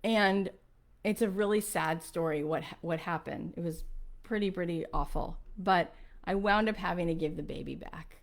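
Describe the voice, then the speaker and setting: A woman in her forties, a podcast host, telling a personal story to her listeners in an earnest, animated way with many fillers. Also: lowish voice, moderate pace. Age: 40s.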